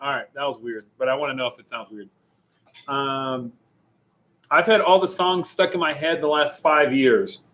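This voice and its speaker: A man's voice: medium pitch, moderate pace, fairly bright tone, low-quality recording. A young man and youth pastor chatting casually and jokingly with viewers on a livestream. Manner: jokey, playful, chatty with viewers.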